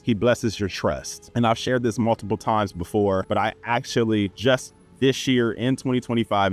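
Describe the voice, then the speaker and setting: A young adult man hosting a talk show, reading principles aloud and riffing on them in a preachy, casual way. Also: fairly low pitch. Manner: preachy, reads principles then riffs with scripture. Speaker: host.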